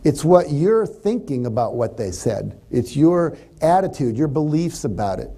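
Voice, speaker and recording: A man's voice: on the high side, big pitch swings, normal speed, dark tone. A man giving a conversational seminar lecture to a live audience, acting out example thoughts as he goes. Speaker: motivational speaker. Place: lives in California.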